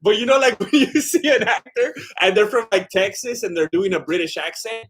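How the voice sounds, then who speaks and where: A man's voice: sits high, a little fast, fairly bright tone, slightly rough. Rambling man chatting on a live stream. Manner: rambling, filler-heavy, self-deprecating laughs. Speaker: streamer reading live chat. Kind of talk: casual live-stream chat.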